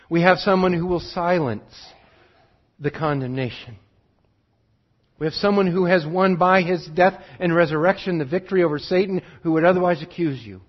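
A man preaching a sermon in an earnest way, switching between urgent bursts and quiet, drawn-out phrases. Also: fairly high pitch, muffled recording.

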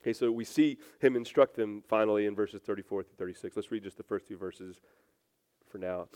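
A man's voice: fairly low pitch, fairly even intonation, brisk, a little mellow. A male pastor giving a sermon, shifting from casual, filler-heavy storytelling to earnest teaching with big swings in energy.

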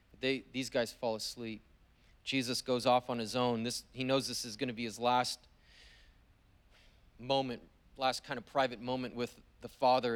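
Male pastor, mid-pitched voice, slow emphatic sermon delivery, vivid storyteller with long pauses. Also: fairly bright tone.

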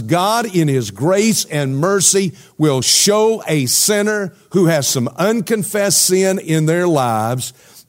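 Preacher with a slightly high voice. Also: male voice. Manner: conversational preaching with rhetorical questions to the congregation. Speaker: pastor. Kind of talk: sermon.

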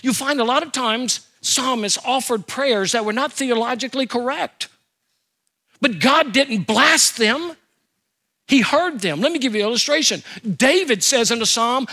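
An older man preaching a sermon as a pastor, animated and humorous, telling stories and asking rhetorical questions. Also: extremely high pitch, normal speed.

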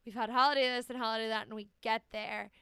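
A woman co-hosts a casual podcast, her voice smooth and resonant and sitting a touch high. She talks in wry, rambling stories, recorded close and dry on a podcast mic. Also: steady tone, fast talker, bright, forceful tone, no echo. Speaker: podcast co-host. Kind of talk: casual chat.

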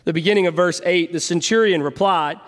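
A man's voice: high-pitched, brisk, long reverb tail. A man preaching a sermon in a church as pastor, emphatic and repeating key phrases. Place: church sanctuary.

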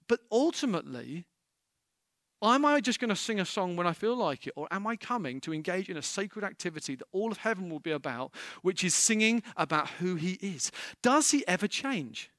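Very animated and brisk, a male pastor preaches an impassioned sermon in a high, bright, ringing voice that climbs to emphatic peaks. The recording is dry and close, with no sense of a room.

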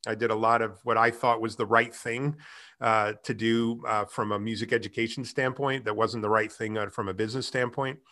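A middle-aged man in a casual interview, telling his career story with lively acted-out dialogue. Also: on the low side, fairly quick. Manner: animated storyteller, acts out quoted dialogue. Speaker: guest, music tech company founder.

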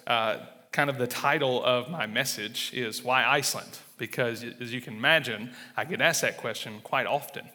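A man in his thirties with a Mississippi drawl gives a folksy, self-deprecating testimony from the pulpit, with plenty of "uh" along the way. His voice is bright and forward. It rings out in the long reverb of a large church hall. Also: mid-range voice. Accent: Southern US, Mississippi. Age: 30s. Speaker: church planter, guest speaker. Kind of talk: sermon with personal testimony. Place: church sanctuary.

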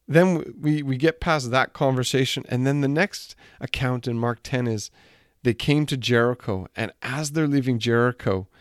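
A man's voice: medium pitch, dry recording, studio quality. A man preaching a sermon, retelling a scripture passage in an earnest way and repeating his phrases for emphasis.

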